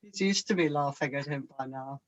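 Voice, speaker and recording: A woman talking casually as a guest, chatty and quick to laugh. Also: a bass voice, dull audio. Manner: chatty, laughs often, mimics others. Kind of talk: casual conversation.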